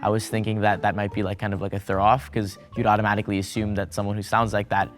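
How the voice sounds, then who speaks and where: A man's voice: lowish voice, little pitch movement, fast talker, soft background music. A man raised in India and born in the US, chatting casually and joking in a group discussion. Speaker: panel participant.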